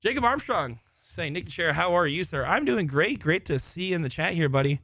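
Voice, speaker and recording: A man's voice: a little high, very animated, a little fast, sharp tone, studio quality. A man commenting live on a darts tournament from a busy hall, chatting and joking about himself. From Florida. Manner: chatty, joking, self-deprecating.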